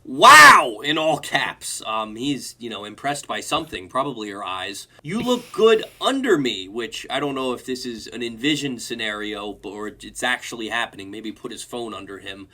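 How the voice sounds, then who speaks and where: Bright, lively young man mocking comments. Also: fairly low pitch, moderate pace, hardly any pauses. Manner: mocking, reads comments aloud. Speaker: host. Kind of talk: reaction commentary.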